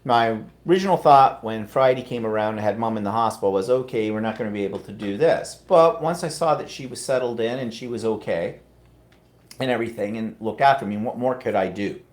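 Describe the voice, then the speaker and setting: A middle-aged man with a Canadian accent talks in an easygoing, rambling way, co-hosting a live stream. He reads viewer comments aloud and chats back to them in a mid-pitched voice. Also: brisk. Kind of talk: casual live-stream chat.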